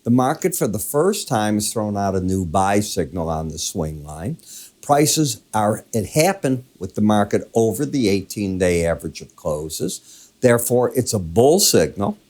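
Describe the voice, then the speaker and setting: This older host's daily market recap comes in a low, darkish voice with big pitch swings and an unhurried pace. Conversational and emphatic, he walks through charts, coughing at times from a lingering illness.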